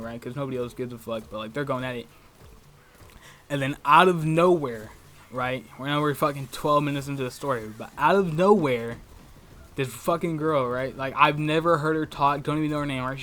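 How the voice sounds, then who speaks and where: Man telling a school story in a bright voice, slangy and profane. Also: medium pitch. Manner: profane, slangy, constant "right?" and "bro". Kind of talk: casual storytime vlog.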